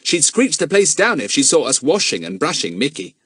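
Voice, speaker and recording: A man voicing a practical young boy who speaks in a matter-of-fact, lively way. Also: on the high side, a little fast, husky, no room sound, studio quality, pitched above the performer's own voice, exaggerated voice. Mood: knowing.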